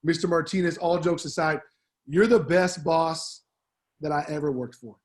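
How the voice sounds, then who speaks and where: Man, middle-aged, assistant principal farewell, slangy, heartfelt, higher-pitched voice. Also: steady tone, moderate pace. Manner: upbeat, slangy, heartfelt with many fillers. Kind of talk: farewell speech on school announcements.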